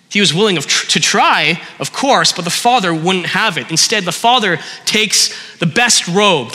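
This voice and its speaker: A man preaching a sermon in an earnest way, slowing down for emphasis and letting his voice drop at the ends of phrases. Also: on the high side, sharp tone, long reverb tail.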